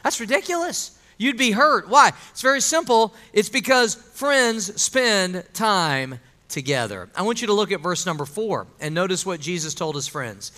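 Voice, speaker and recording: A man's voice: high voice, expressive, moderate pace, sharp tone. A man preaching a conversational sermon to his congregation, asking them questions and calling for amens. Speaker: pastor.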